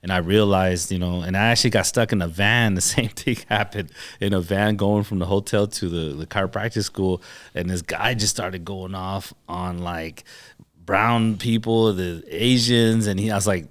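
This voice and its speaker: Speaking in a deep voice at a moderate pace, a male chiropractor swaps personal stories in a relaxed podcast conversation. He brings them to life by performing the dialogue with animation.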